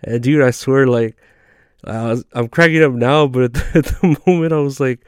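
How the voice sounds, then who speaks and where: A man's voice: medium pitch, normal speed, darkish tone, smooth, no room sound, clean studio sound. A man hosting a comedy podcast, telling rambling, profane stories in a laid-back, casual way. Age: adult.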